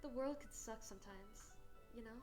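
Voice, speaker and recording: A young dragon girl from a visual novel, voiced by a woman, speaking in a fairly high, earnest voice. She confides her worries softly, an anxious dreamer clinging to hope. Faint game music plays underneath. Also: normal speed, natural voice. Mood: gloomy.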